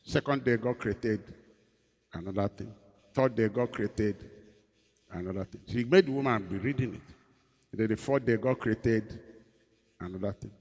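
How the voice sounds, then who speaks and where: A husky-voiced male pastor preaches in a rhythmic call-and-response style, leaving blanks for the congregation to fill in. His voice swings between loud and soft, and it rings out in a large echoey hall. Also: on the low side, normal speed, pauses often. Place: church.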